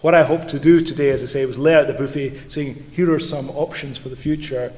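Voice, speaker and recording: A middle-aged man giving a public lecture as a brisk storyteller with lively asides. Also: mid-range voice. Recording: reverberant lecture hall.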